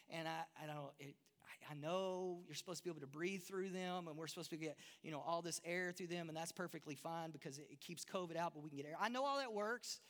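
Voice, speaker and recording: High bright-voiced Texan pastor preaching. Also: male voice. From Texas. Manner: conversational, self-deprecating, repeats and restarts words. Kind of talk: sermon. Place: large church hall. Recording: long hall reverb.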